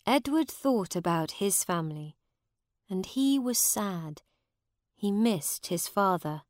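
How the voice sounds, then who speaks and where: A woman reading a simple story aloud in a clear, measured way. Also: lowish voice, expressive, dry recording, clean studio sound. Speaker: reader. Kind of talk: slow storybook narration for learners.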